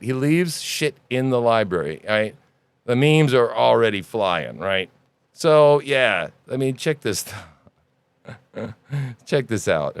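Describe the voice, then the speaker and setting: A man hosting a news commentary podcast, ranting in an animated, sarcastic and profane way. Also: medium pitch, clean tone, dry recording. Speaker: podcast host.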